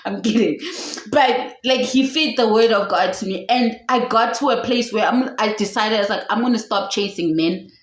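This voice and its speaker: A young woman vlogger telling a story casually to the camera, dramatic and laughing, at times breaking into high shouts. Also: normal speed. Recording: echoey room.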